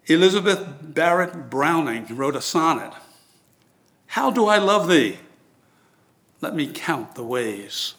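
A man preaching a sermon in a slow, earnest way, leaning on single words for emphasis. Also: fairly high pitch, animated, fairly bright tone. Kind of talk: sermon with sung verse.

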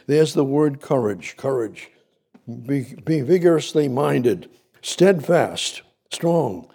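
A man's voice: medium pitch, expressive, takes it slowly, gravelly, warm tone, slightly rough. Man preaching in a reverberant hall. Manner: repetitive, building emphasis, reads scripture aloud. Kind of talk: sermon.

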